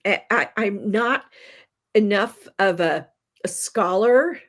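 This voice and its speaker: A woman guest on a podcast, talking animatedly about novels she loves, laughing and adding quick asides. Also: medium pitch, animated. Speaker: guest book critic. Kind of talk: enthusiastic podcast interview.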